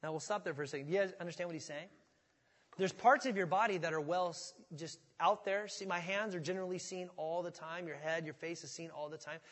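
A man's voice: fairly high pitch, fast, a bit bright, long reverb tail. A man preaching a conversational sermon to a congregation, often checking in with questions. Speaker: pastor. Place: church sanctuary.

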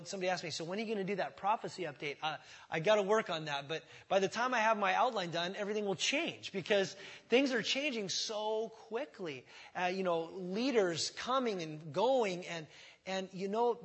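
In a church sanctuary, a pastor in his forties gives a verse-by-verse Bible teaching sermon, conversational and earnest, with frequent fillers and self-corrections. His voice is high-pitched with a fairly bright tone and a breathy edge.

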